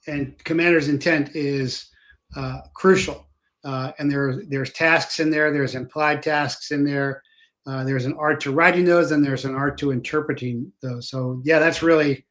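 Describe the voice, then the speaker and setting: A man, a former federal agent, hosting an interview and talking in a hesitant way, with many pauses and fillers. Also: on the high side. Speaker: podcast host. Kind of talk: conversational interview.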